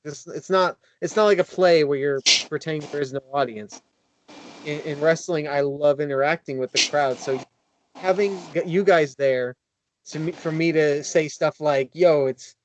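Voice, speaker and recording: A man who wrestles, talking excitedly in a casual roundtable, full of fillers and restarts. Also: on the high side, background noise.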